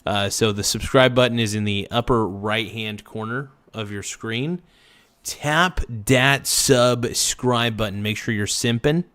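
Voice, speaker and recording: A man's voice: lowish voice, a little slow, a bit bright. A man hosting a casual reaction livestream, rambling loosely and swearing freely. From Oregon.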